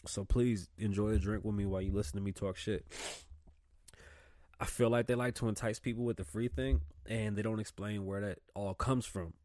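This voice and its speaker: A man hosting his own show, talking casually and profanely about politics, getting heated and loud as he rants while sipping a drink. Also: lowish voice, fairly even intonation, normal speed, no room sound, clean studio sound. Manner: profane, ranting, heats up and shouts when riled. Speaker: podcast host. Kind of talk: casual opinionated monologue.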